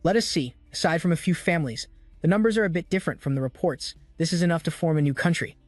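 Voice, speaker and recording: A man's voice: on the high side, animated, fast, dry recording, studio quality, faint music behind, close to an everyday voice. A man voicing a cold, blunt young male saint-doctor who talks curtly and indifferently. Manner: curt, indifferent.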